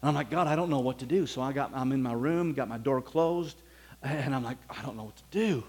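A man preaching a sermon, telling his own testimony with swings from hushed to loud, exclaiming passages. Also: medium pitch, fairly quick.

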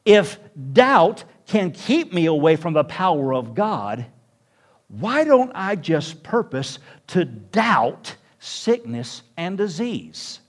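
A man's voice: sits high, very animated, unhurried. A man preaching as a pastor to a congregation, with emphatic rising peaks in his delivery. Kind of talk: sermon. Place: church room with congregation.

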